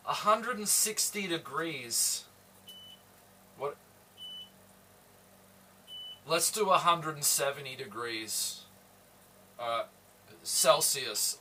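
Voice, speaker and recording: A man's voice: mid-range voice, slight background noise. A man from Adelaide with a slight Australian accent, chatting casually with his livestream viewers while he cooks. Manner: slow, relaxed, chatty, greeting viewers. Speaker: livestream host. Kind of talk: casual chat while cooking. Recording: voice somewhat far from the mic.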